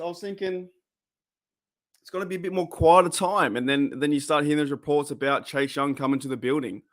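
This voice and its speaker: A man with an Australian accent hosting a casual live stream, excitably greeting chat viewers and rambling as he talks. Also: medium pitch. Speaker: livestream host.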